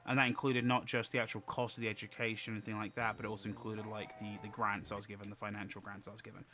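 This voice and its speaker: A man chatting casually on a stream, calm and rambling, often restarting his sentences. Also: on the low side, fast talker. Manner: rambling, calm, self-correcting. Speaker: streamer co-host. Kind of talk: casual chat.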